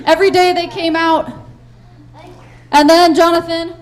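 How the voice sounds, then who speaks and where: A woman leading a children's Bible skit on a church stage, playful and upbeat, with quick cheering bursts. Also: very high-pitched, flat delivery.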